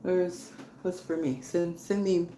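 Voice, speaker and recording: A woman hosting a podcast, telling stories in a loose, slangy, laughing way that swings between loud and quiet. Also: on the low side, fairly even intonation, slow pace, slight background noise. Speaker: podcast host. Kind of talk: casual storytelling monologue. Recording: echoey room with faint ambience.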